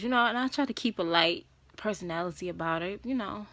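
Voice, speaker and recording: A woman's voice: mid-range voice, sing-song, a little fast, a bit bright, dry recording. A pregnant woman vlogging casually and encouraging viewers in a preacherly way about faith.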